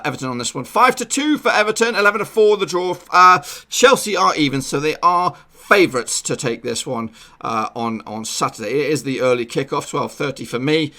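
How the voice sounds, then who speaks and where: Bright, upbeat football vlogger man. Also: mid-range voice, lively intonation, a little fast. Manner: upbeat, jokey, repeats catchphrases. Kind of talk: casual football prediction chat.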